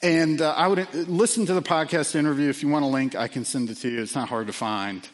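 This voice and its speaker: Earnest pastor preaching in a reverberant hall. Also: male voice, on the high side, fast talker. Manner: earnest, dropping quiet for emphasis, frequent fillers. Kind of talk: sermon.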